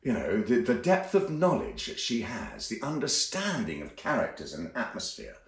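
A man, an actor, talking about his work in an enthusiastic, expressive way with a few restarts. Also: medium pitch, normal speed. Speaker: actor, guest. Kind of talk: conversational interview. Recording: roomy, echoey sound.

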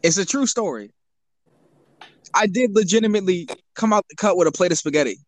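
A man's voice: high-pitched, animated, a little fast. A young man guesting on a casual podcast, talking in a laid-back, slangy, playful way.

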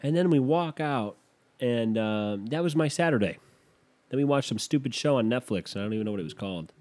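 A man's voice: medium pitch, animated, brisk, a little mellow. A man telling a rambling, self-deprecating story in casual chat, losing his thread and picking it back up.

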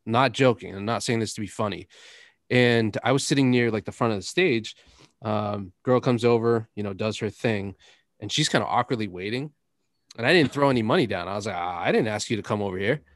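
A young man hosts a podcast in a lowish, slightly fast voice, recorded dead-dry on a close mic. His casual chat is a rambling string of anecdotes, full of laughter and the occasional curse.

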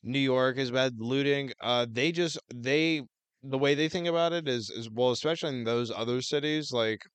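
Smooth-voiced young man, rambling co-host. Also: medium pitch, moderate pace, no room sound. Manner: rambling, heavy on "like" fillers. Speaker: podcast co-host. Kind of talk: casual chat.

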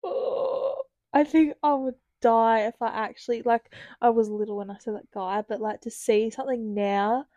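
Young woman, slightly high pitch, dry close mic, casual questions, filler-heavy chat. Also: steady tone, normal speed, mellow, no room sound. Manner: asks lots of questions, full of "like". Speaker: podcast co-host.

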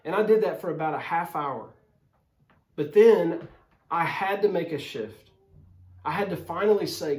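A man's voice: fairly high pitch, lively intonation, normal speed, long pauses, darkish tone. A man preaching a sermon as a pastor, speaking earnestly and directly to his listeners through a phone camera. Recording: roomy echo.

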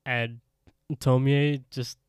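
A man co-hosting a podcast, casually recapping an anime episode in an animated, laughing way. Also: medium pitch, extremely slow, clean tone, dry recording, studio quality. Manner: animated storytelling, laughs often. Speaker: podcast co-host.

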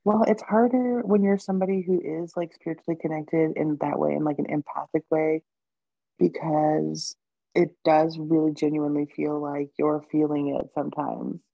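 Brief: woman co-host, low mellow voice, affirming chatty delivery, dry dull recording. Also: steady tone, normal speed, vocal fry, no room sound. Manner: warm, affirming, filler "like". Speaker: podcast co-host. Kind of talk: casual chat.

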